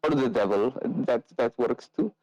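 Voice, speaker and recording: A man's voice: mid-range voice, moderate pace, darkish tone, no echo, lo-fi sound. A man narrating as game master, hesitating often with fillers and restarts.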